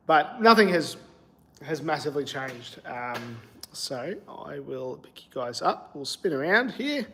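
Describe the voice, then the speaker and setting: A man's voice: a little high, fairly bright tone. An Australian man live streaming from his cold home shed on a phone, chatty and self-deprecating as he greets viewers. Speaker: car channel host. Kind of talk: casual live stream chat.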